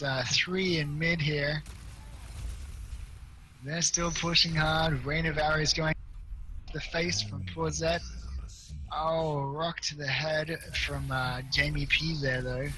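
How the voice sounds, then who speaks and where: A young man casting an online game match, excitable and rambling, his voice going hoarse and tired. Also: a little high, slight background noise, poor audio. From Australia or New Zealand. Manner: excitable, fast, rambling with fillers. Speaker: esports caster. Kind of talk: play-by-play game commentary.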